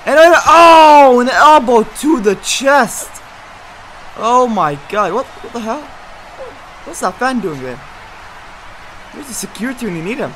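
This is a commentator calling a wrestling bout with wildly swinging intonation, dropping low for hushed remarks and bursting into shouts at every big move. A faint hiss sits under the voice. The delivery is jokey and excitable, with quick self-corrections. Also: low-quality recording.

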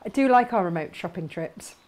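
A woman hosting a craft live stream, chatting brightly and reading out viewer comments with frequent laughs. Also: fairly low pitch, expressive, fairly quick. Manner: bubbly, chatty, laughs often.

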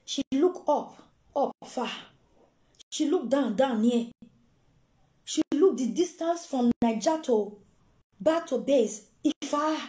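A woman's voice: sits high, slow pace, pauses often, roomy sound. A Nigerian woman telling a story in a casual, dramatic way, acting out the voices of the people in it. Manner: dramatic, animated, acts out quoted voices. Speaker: storyteller host.

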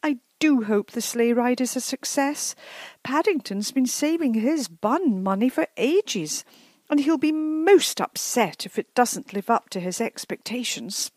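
A woman doing a nervous, gentle mother. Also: on the high side, animated, a little slow, dry recording, voice pushed up. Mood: anxious.

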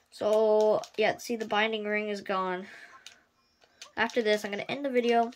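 A woman's voice: medium pitch, little pitch movement, normal speed. A woman giving casual, playful commentary while playing a video game, often crying out at what happens. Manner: playful, exclaims and cries out at the game.

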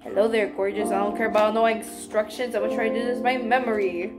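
Young woman, excitable, rambling, swears a lot, slightly high voice, music playing behind. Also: fast, few pauses. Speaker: vlogger. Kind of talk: casual crafting vlog.

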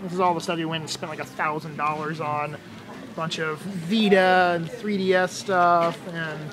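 A man's voice: a little high, level tone, moderate pace. A man hosting a casual vlog from a flea market booth, joking and laughing often. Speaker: vlogger host. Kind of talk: casual chat. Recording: noisy crowded flea market. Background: busy crowd and music.

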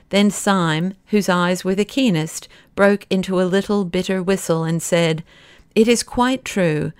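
Smooth-voiced woman narrating an audiobook. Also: on the low side, a little mellow, no echo, clean studio sound. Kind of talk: scripted narration.

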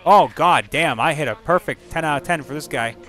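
A man giving casual let's-play commentary over a video game, excitable and profane, breaking into silly rhymes and sound effects. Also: fairly high pitch, fairly quick, faint music behind. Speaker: gaming channel host.

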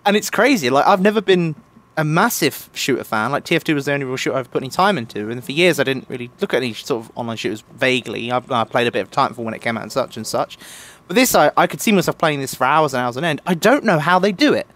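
A man's voice: medium pitch, animated, fast, fairly bright tone. A young man chatting as a podcast guest, gushing with enthusiasm and tripping over his restarts. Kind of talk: casual podcast chat.

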